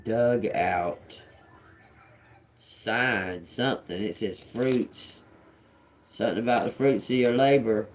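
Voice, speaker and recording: A woman's voice: a bass voice, slow pace, pauses often, a little mellow, a little hiss or hum. A woman giving a live-stream tarot reading, thinking aloud, repeating single words to herself, blunt and profane, often chuckling. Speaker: tarot reader.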